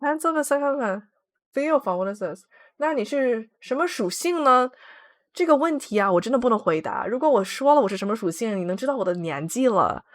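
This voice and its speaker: A woman's voice: a little high, expressive, a little fast. A woman streaming a game, chatting casually and giggling as she reads viewer messages aloud. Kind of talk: casual livestream chat.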